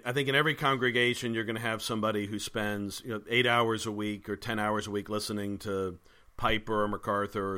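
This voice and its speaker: Bright-voiced, wry male pastor. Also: lowish voice, clean tone. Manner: thoughtful, wry, many restarts. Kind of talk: casual conversation between pastors.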